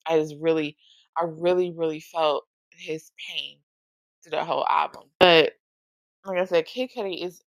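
A woman talking casually and emotionally about music, swearing often, with a gravelly voice. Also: low-pitched, steady tone, normal speed, no echo, poor audio.

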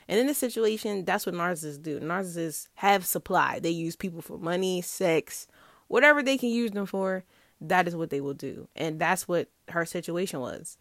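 A young woman telling a personal story in casual chat, animated, laughing often and acting out what people said. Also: on the low side, moderate pace, dry recording, studio quality.

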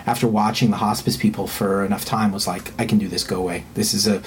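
A man's voice: fairly low pitch, steady tone, fast, slight background noise. A middle-aged man telling a personal story in frank, casual conversation, swearing freely and livening up when he quotes people.

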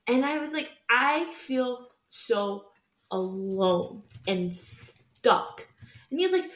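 Podcast co-host, twenties, woman, high-ish voice, candid and lively, roomy sound. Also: slow pace. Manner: candid, laughing, animated storytelling with quoted voices. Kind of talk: casual chat. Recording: echoey room.

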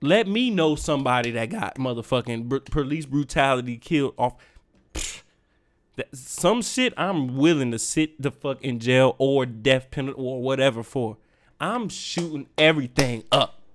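A man's voice: medium pitch, lively intonation, normal speed. A young man hosting a podcast, ranting in a heated, profane, emphatic way. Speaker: podcast host. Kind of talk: solo rant.

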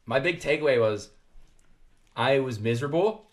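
A man's voice: mid-range voice, lively intonation, normal speed. A young man co-hosting a faith podcast, talking in an earnest, reflective way and laughing easily. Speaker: podcast co-host. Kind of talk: casual chat.

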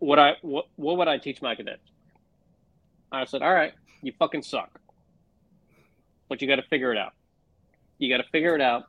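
A man rants on a casual sports podcast, cursing freely and getting fired up. His voice sits at an ordinary pitch and is recorded on a dry, close mic with no room sound. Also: a bit bright, no echo. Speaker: podcast co-host.

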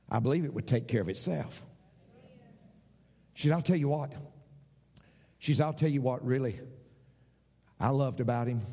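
A man's voice: mid-range voice, dark tone, breathy edge, big-room sound. A man preaching a sermon as pastor, repeating phrases and asking the congregation for an amen.

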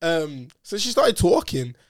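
Young guy telling a story, fairly high voice, dry close sound, slangy and laughing a lot. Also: big pitch swings, unhurried, no room sound. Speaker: storyteller in a casual chat. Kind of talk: casual chat, animated anecdote.

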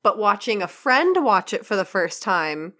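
A woman's voice: mid-range voice, very animated, measured pace, bright, forceful tone. Agreeable woman podcast co-host. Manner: agreeable, frequent backchannels. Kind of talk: casual chat.

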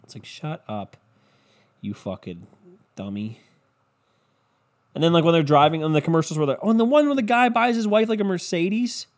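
A man's voice: high voice, quick pace, few pauses. A man hosting a podcast on his own, ranting casually and profanely in a loose, comedic style. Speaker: podcast host.

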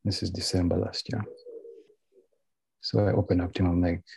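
A young man with a deep, rough, breathy voice tells his story haltingly, restarting his sentences. English is not his first language. His tone is dark and mellow, and the recording is dry and close. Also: little pitch movement, no room sound, low-quality recording. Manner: candid, halting, full of restarts. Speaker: guest telling his story. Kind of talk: personal recovery story. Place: indoors, a library.

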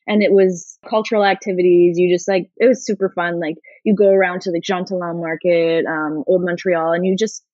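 A woman speaking as an interviewee in casual chat, talking in a fast-flowing way full of "like" fillers. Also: lowish voice, fairly even intonation, a little mellow, dry recording. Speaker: interviewee, former education student. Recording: dull, lo-fi recording.

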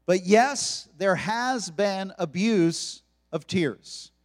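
Man, pastor, playful animated sermon, high voice, long church reverb. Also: extremely slow. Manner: joking, animated preaching to a congregation. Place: church sanctuary.

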